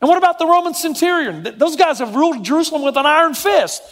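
High-voiced preaching man in a hall. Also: fast talker. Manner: animated preaching, swinging from low to high. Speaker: pastor. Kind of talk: sermon.

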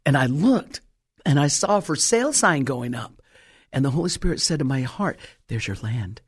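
A middle-aged woman preacher telling a story in a sermon, stressing key words slowly. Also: low voice, sing-song, husky.

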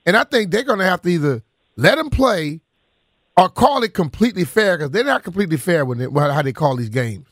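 A man's voice: sits high, very animated, a little fast, no echo, clean studio sound. A man on a sports talk panel, blunt and teasing, with casual slang.

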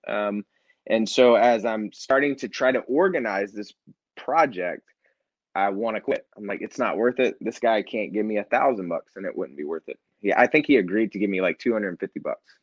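A man, a nonprofit founder and interview guest, telling a personal story in casual conversation and acting out quoted dialogue with lively energy. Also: lowish voice, moderate pace, dry recording, lo-fi sound.

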